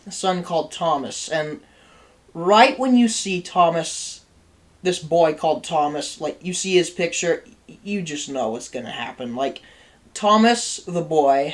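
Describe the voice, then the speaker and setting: A channel host giving a casual spoken review, rambling with many ums and likes and laughing easily. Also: medium pitch.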